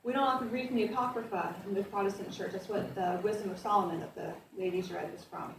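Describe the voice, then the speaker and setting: A woman pastor giving a conversational sermon, reading scripture with lively emphasis. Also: medium pitch, fast, noisy background. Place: church sanctuary. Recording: echoey church heard from a distance.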